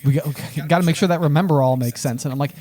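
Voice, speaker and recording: A man's voice: on the high side, quick pace, darkish tone. A man co-hosting a book podcast, chatting casually with many fillers and playful quoted voices. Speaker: podcast co-host. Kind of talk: casual book-discussion chat.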